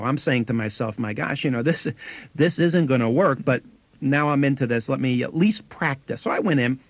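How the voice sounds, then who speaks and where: Male sales trainer, animated delivery, dry close sound, tells stories with acted-out quotes. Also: medium pitch, no room sound. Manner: lively anecdotes with acted quotes and chuckles. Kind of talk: storytelling on a sales training tape.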